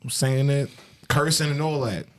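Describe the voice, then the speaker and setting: A man's voice: mid-range voice, normal speed. A man co-hosting a podcast, telling a story in casual chat with a playful manner, acting out voices. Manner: lively, playful, acts out voices. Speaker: podcast co-host.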